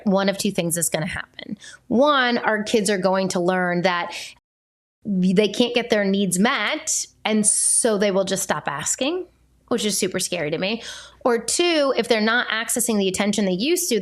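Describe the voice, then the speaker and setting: A woman in her thirties talks through a solo podcast episode in a candid, conversational way. She explains her points plainly and easily, at a middling pitch. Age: 30s. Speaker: podcast host, parenting coach.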